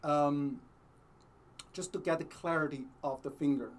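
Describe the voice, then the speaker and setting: Patient man teaching cello, fairly high voice. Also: steady tone, faint music behind. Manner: patient, explains slowly, sings phrases, many ums. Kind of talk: music lesson with sung demonstrations.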